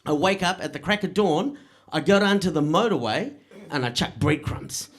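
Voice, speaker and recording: A middle-aged man works through a stand-up set. His voice sits fairly high, and he lands each line with a dry, punchy timing. He keeps tossing quick "right?" checks to the room. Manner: punchy, deadpan delivery with frequent "right?" asides to the crowd. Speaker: stand-up comedian.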